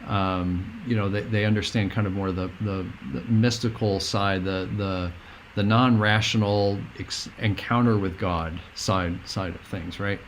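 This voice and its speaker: A middle-aged man, a guest, telling a personal story in an earnest, meandering, halting way. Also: fairly low pitch, steady tone, a little hiss or hum.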